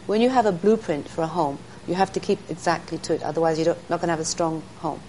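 A middle-aged woman recounts stories in an earnest, teaching way, and she briefly acts out the people in them. Her voice sits somewhat low. A faint hum of ambience runs underneath. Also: quick pace, mellow, rough recording. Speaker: interview guest, speaker to women. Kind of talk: storytelling in an interview.

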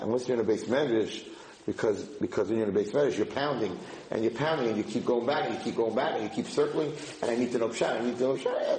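A man giving an informal Torah class in English, mixing in Hebrew and Yiddish terms and breaking into loud acted-out shouting. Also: mid-range voice. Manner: animated, acts out shouting students. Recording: echoey room, faint noise.

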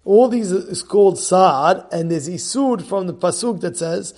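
Animated, gravelly male Torah teacher. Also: high-pitched, a little slow, few pauses. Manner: animated, repeats and restarts, Hebrew terms. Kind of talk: Torah class with a story.

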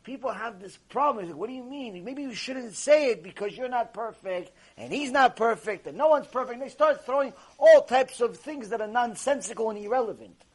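A man's voice: extremely high pitch, animated, brisk, few pauses, husky. A man giving a Torah ethics lecture as a rabbi, emphatic and argumentative, firing off rhetorical questions.

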